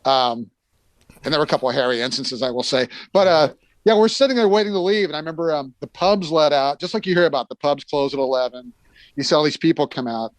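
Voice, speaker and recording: A man's voice: fairly high pitch, fast talker, dry recording. A middle-aged American man telling rambling tour stories in a casual chat, full of fillers and restarts, sometimes acting out the people he quotes.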